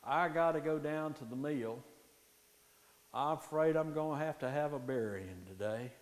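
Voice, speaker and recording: A man's voice: on the high side, moderate pace, long reverb tail, close to an everyday voice. A man doing a folksy old mill owner. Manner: folksy, drawling rural speech.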